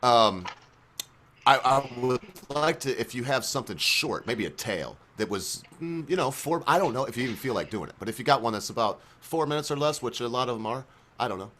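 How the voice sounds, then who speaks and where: A man hosting a casual online chat, telling crude jokes and laughing loudly. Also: mid-range voice, fairly quick, slight background noise. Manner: loud laughing, lively storytelling. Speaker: host.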